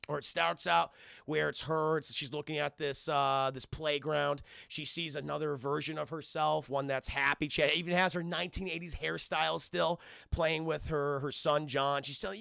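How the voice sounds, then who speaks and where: Young man, live-stream film recap, animated, profane, gravelly, bright, dry sound. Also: on the high side, moderate pace, dry recording. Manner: animated, profane, keeps addressing chat.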